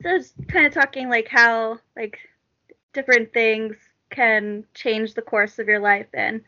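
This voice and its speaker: Female panel guest, bright tone, slightly high, lo-fi sound, easygoing. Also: steady tone, a little slow. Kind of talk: casual radio chat.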